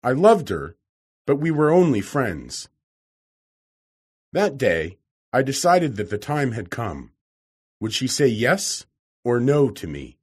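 A man reading a story aloud, expressive, acting out each character. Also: medium pitch, slow, pauses often, slightly rough. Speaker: narrator.

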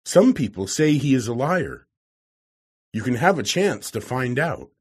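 A man voicing a brisk, wry middle-aged newspaper editor in a read-aloud story, with a husky voice. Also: mid-range voice, sing-song.

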